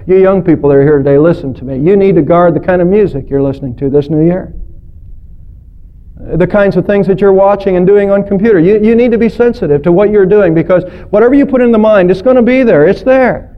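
A man's voice: sits high, quick pace. A man preaching a sermon as pastor, emphatic, firing off strings of rhetorical questions. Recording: dull lo-fi recording.

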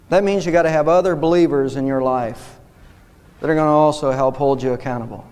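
A man's voice: on the high side, a little fast, a little mellow, smooth. A man preaching a sermon as pastor, impassioned, his voice rising on key points. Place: church sanctuary. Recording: long reverb of a church hall.

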